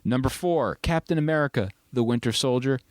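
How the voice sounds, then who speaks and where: A man's voice: mid-range voice, fairly quick, a little mellow, no echo, studio quality. A man hosting a casual podcast, reviewing a film with enthusiastic, rambling, joking talk. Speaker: podcast host. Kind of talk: casual movie review chat.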